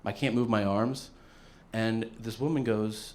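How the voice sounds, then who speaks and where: A man's voice: on the low side, steady tone, a little slow, a little mellow, slight background noise. A man doing stand-up comedy, telling a long story with plenty of swearing and acting out what other people said. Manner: profane, acts out other people's lines.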